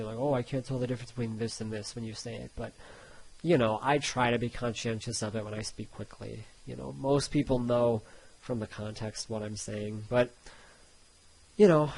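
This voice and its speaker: A man's voice: medium pitch, creaky, a little mellow, breathy edge, low-quality recording. A man tutoring Italian pronunciation, reading each word twice between loose, casual explanations. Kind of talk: pronunciation lesson.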